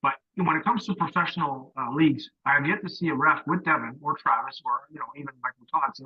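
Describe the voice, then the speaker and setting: A man's voice: on the high side, fast, few pauses, husky. A man co-hosting a podcast, ranting sternly and profanely in casual chat. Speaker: podcast co-host. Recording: dull, muffled audio.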